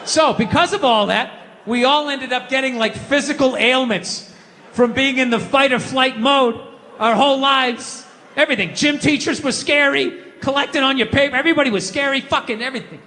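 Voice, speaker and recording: A middle-aged man performing a loud stand-up comedy rant on stage, often shouting. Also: extremely high pitch, moderate pace. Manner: loud ranting delivery with frequent shouting. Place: theater stage before a live audience. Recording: stage mic with long hall reverb.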